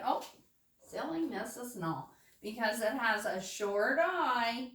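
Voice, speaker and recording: Woman, first grade teacher, patient and deliberate, roomy distant recording. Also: a little high, a bit bright. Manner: slow, patient, checks in with "okay?" often. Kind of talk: recorded phonics lesson for young children.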